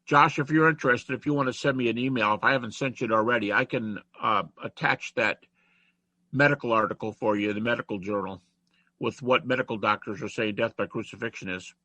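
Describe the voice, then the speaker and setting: A man's voice: medium pitch, a little fast, bright, forceful tone, no echo, muffled recording. A man giving a conversational classroom lecture to students, reciting rhymes and verses as he goes.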